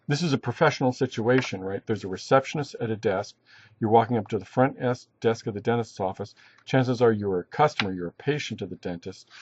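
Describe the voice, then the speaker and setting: Halting, husky-voiced male instructor. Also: mid-range voice, a little mellow, no echo, dull audio. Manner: halting, many restarts and fillers. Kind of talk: recorded online lecture.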